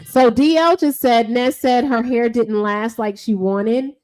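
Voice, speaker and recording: A woman with a fairly high voice rambles through gossip recaps, full of pauses and filler words. Her voice sounds dry and close to the mic. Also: darkish tone, no echo, rough recording. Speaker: co-host. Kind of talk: casual gossip chat.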